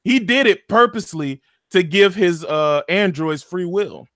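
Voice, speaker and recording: A man's voice: high voice, lively intonation, measured pace, a bit bright, no echo, clean studio sound. A man, animatedly retelling a video game story in casual chat, full of slang and profanity. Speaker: gaming podcast co-host.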